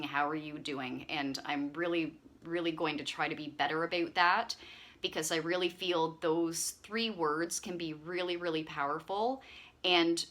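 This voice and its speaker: A woman hosting her own channel, chatting casually to camera in a rambling, friendly way with lots of fillers. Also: low-pitched. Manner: chatty, warm-hearted rambling with frequent fillers. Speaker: channel host.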